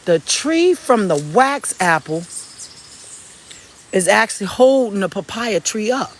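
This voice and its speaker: Animated, blunt live-stream storyteller. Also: medium pitch, unhurried. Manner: excited exclamations while looking at plants. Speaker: vlogger hosting a live stream. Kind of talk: casual live-stream chat. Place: outdoors in a garden among fruit trees.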